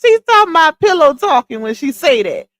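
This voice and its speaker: A woman's voice: high-pitched, sing-song, fairly quick, fairly bright tone. A woman hosting a livestream, giving blunt, scolding gossip commentary straight to her viewers.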